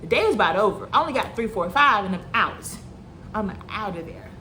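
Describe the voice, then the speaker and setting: A woman in her thirties from Florida, casually telling a workplace story and acting out the dialogue with animated bursts. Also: mid-range voice, fairly quick, slight background noise. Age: 30s.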